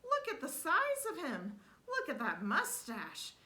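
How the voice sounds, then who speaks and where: A woman voicing a huge, blustering male giant in a storybook reading, loud and exclaiming. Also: high voice, huge pitch swings, unhurried, reverberant, pitched above the performer's own voice, exaggerated voice. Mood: alarmed.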